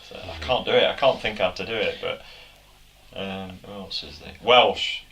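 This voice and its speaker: A man's voice: deep voice, moderate pace, a bit bright. A man from England with an East Midlands accent, chatting casually with his bandmates on a podcast and joking around. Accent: East Midlands English. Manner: jokey, keeps trying silly accents and laughing. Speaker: band member co-hosting a podcast. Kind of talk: casual banter among bandmates. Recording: noisy room recording.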